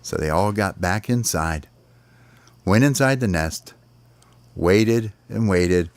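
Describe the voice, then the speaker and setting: Dad telling an animated bedtime story. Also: male voice, low voice, slow pace, dry recording. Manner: animated, with sound effects and sighs.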